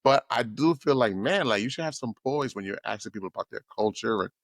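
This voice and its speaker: A man's voice: mid-range voice, lively intonation, fast, no echo. A male podcast host talking enthusiastically in a casual conversation, rambling and repeating himself.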